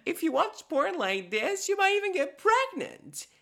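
Cartoonish talking vagina, squealing, sassy, sing-song, very high. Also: female voice, very animated, unhurried, vocal fry, bright, forceful tone, exaggerated voice. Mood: giddy.

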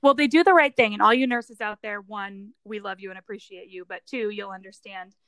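A young woman with a medium-pitched, fairly bright voice co-hosts a podcast, speaking a little fast. She's chatty, tells stories, and laughs often. Her tone is clean, with no room sound.

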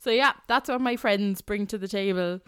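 A woman's voice: medium pitch, normal speed, noisy background. An Irish woman co-hosting a podcast, chatty and giggly, telling stories in casual conversation. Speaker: podcast co-host. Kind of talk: casual chat.

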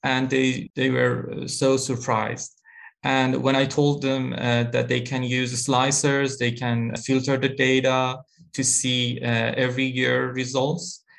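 Casting note: male panelist, monotone and gravelly, halting delivery. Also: medium pitch. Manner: hesitant, with frequent "uh" pauses. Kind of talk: conversational panel discussion.

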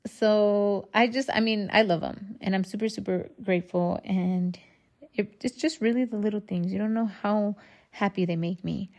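A woman's voice: medium pitch, fairly even intonation, normal speed, a little mellow. Candid, cussing woman podcast host. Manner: candid, rambling, swears freely; addresses listeners as y'all. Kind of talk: casual solo podcast monologue.

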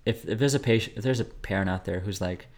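A man interviewing a guest, asking a long question in a halting way as he searches for words. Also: fairly low pitch, darkish tone.

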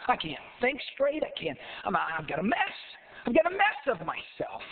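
A man preaching quotes a troubled woman from his church in a halting, hesitant voice. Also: extremely high pitch, huge pitch swings, vocal fry, heavily acted. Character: numb, troubled church woman seeking help. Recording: tinny phone-like sound.

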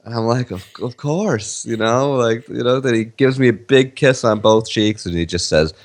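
A man's voice: medium pitch, moderate pace. A man in his thirties co-hosting a podcast, telling a story in a casual, rambling way with many fillers and restarts. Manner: rambling, with fillers and self-corrections. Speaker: podcast co-host.

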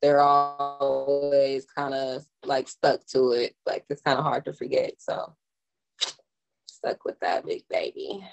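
A woman's voice: extremely low pitch, takes it slowly, creaky, poor audio. A young woman rapper chatting casually in an interview, laid-back, with lots of "um" and "like". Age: young adult. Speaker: rapper guest.

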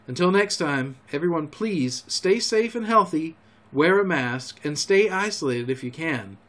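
A man narrates a classic adventure novel for his podcast, measured and expressive. His voice sits a touch high for a man. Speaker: podcast storyteller.

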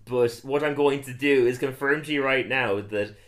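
A man's voice: medium pitch, normal speed, a bit bright. A man hosting a podcast in casual, rambling chat, often stammering over restarts. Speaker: podcast host.

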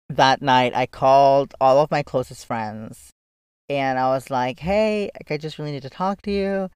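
A man's voice: on the high side, a little slow, smooth, dry recording. A young man in casual storytime chat, talking freely with lots of "like" and casual swearing. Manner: chatty, frequent "like", swears casually. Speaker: vlogger.

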